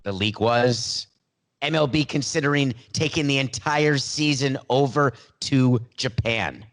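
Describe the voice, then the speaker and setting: A man's voice: medium pitch, fairly bright tone. A man hosting a sports talk podcast, delivering a sarcastic, playful monologue with theatrical emphasis and asides, into a studio mic. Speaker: podcast host.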